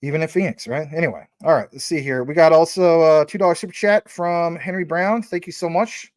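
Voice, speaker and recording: A man's voice: on the high side, fairly quick, dry recording, studio quality. A man hosting a casual livestream, reading out viewer super chats in a chatty, rambling way and giving names a playful emphasis.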